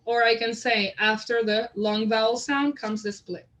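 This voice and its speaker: A woman training teachers in a literacy method, explaining it and sounding out example words slowly and deliberately. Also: on the high side, steady tone, a bit bright, rough recording. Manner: slow, deliberate word modeling. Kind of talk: instructional demonstration.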